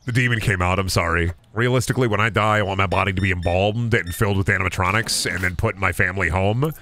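Fast-talking streamer man. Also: sits low. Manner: rambling, absurd deadpan jokes. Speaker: gaming streamer. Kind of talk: casual livestream chatter.

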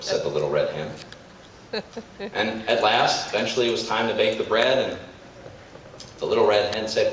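A man's voice: lowish voice, moderate pace, fairly bright tone, slight background noise. A male political candidate telling a fable in a wry, folksy way to a live audience. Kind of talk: storytelling speech to a live audience. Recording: echoey room, distant mic.

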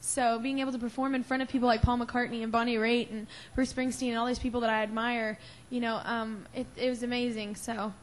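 A woman's voice: fairly high pitch, level tone, brisk, hardly any pauses. A young woman answering press questions backstage, emotional and crying, laughing often and rambling with fillers. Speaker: award-winning singer at press conference.

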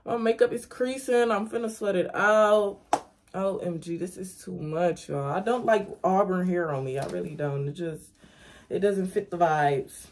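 A woman's voice: lowish voice, normal speed, a little hiss or hum. A young woman, chatting casually to viewers in her vlog from home, talking straight to the camera. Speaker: vlogger. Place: at home, indoors. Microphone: camera on a stand.

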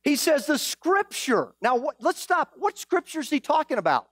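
A male pastor preaching a sermon, animated and teasing, full of rhetorical questions. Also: very high-pitched, normal speed, no echo, clean studio sound.

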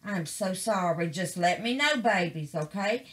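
A woman's voice: on the low side, animated, unhurried, fairly bright tone. A middle-aged woman chatting casually to her viewers about her craft, calling them babies and honey. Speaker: craft vlogger.

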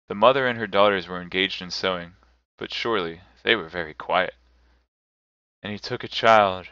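A man reads a classic novel aloud on a live stream in a measured, steady way. His voice is lowish, crisp and bright. The sound is dry and slightly dull. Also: no room sound.

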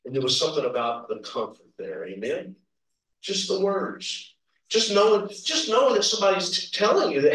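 A Kentucky preacher with a high, slightly bright male voice and big pitch swings speaks at a moderate pace. Folksy and chuckling, he calls out amens during an informal sermon with personal stories in a church sanctuary. A distant mic picks him up in the echoey church hall.

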